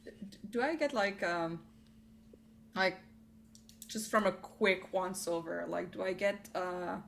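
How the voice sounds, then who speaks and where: A woman's voice: on the low side, takes it slowly, vocal fry, fairly bright tone, slight background noise. A woman playing a tabletop game, chatting casually and laughing often. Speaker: player.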